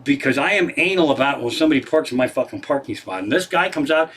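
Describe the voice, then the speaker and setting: A man's voice: medium pitch, expressive, quick pace, fairly bright tone, husky. A comedian casually retelling scenes and stories on a livestream from his living room, swearing freely and rambling. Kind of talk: casual stand-up storytelling on a livestream.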